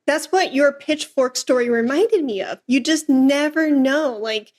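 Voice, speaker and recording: Lively woman podcast host, slightly high. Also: unhurried. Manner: lively storyteller who acts out quoted lines. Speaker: podcast host and flute teacher. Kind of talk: casual interview chat.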